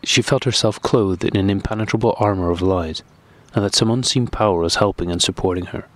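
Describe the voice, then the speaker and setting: A man narrating a classic novel as an audiobook in a steady, even reading. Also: lowish voice, a little fast.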